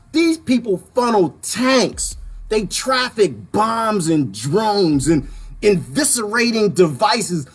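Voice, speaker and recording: A man delivers a sarcastic political rant on his own, his voice sitting a little high and bouncing all over the place. He keeps breaking into shrill, mocking impressions to make his point. Faint music plays quietly behind him. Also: breathy edge. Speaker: political commentator. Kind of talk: ranting solo commentary.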